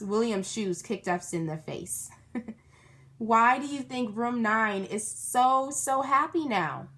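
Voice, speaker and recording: A woman reads a children's book aloud at a slow, unhurried pace. Her voice sits a bit high, and she keeps stopping to explain words and ask her young listeners questions. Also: fairly bright tone. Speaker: storybook reader.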